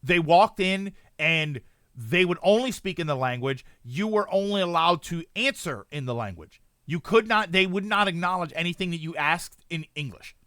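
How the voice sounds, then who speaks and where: A man's voice: fairly high pitch, expressive, normal speed, bright, forceful tone, dry recording, studio quality. A man streaming live, chatting casually and rambling as he answers his chat and corrects himself often.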